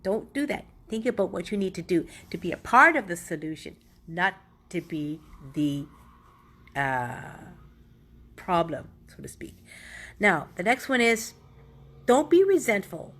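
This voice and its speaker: A woman's voice: lowish voice, expressive, unhurried, pushed and bright. A middle-aged woman talking casually and earnestly through motivational tips, often rambling and correcting herself. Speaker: motivational vlogger.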